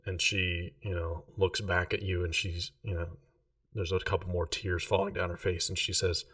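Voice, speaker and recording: A man's voice: deep voice, flat delivery, moderate pace, a bit bright, distant mic. A man narrating as game master of a tabletop game, rambling with many fillers.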